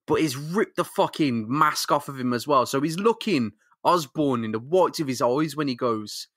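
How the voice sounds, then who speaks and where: A man's voice: mid-range voice, animated, normal speed, a bit bright, no room sound, clean studio sound. A man co-hosting a casual comic-book podcast, making emphatic points, swearing and laughing along. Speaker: podcast co-host.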